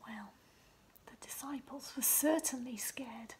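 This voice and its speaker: A woman leading a children's liturgy, telling a Bible story slowly and expressively, often dropping into a hushed whisper and asking the children questions. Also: high-pitched, slight background noise. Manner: asks the listener questions, slow and expressive.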